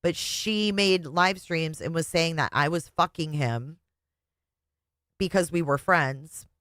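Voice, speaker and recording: A woman's voice: low voice, slow pace, fairly bright tone, dry recording, clean studio sound. A middle-aged woman hosting a live stream, reading chat comments and talking bluntly, with plenty of swearing. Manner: blunt and profane, chatty.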